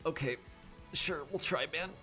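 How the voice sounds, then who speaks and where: A man's voice: a little high, a little slow, pushed and bright, faint music behind. A man giving casual let's-play commentary on a card game, swearing often and laughing at his own mistakes in frustration. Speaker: gamer playing a card game.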